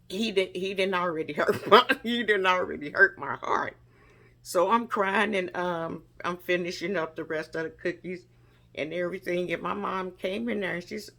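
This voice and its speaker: Woman, storytelling, animated, laughs a lot, personal anecdote. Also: on the low side. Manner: animated, laughing often while telling the story.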